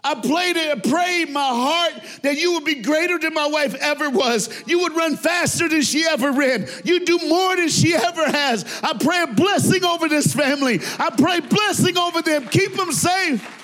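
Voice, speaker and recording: A man voicing an overjoyed, forgiving grieving widower who talks in a high, loud, fervent way. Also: very animated, moderate pace, a faint crowd, full character voice. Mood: fervent blessing.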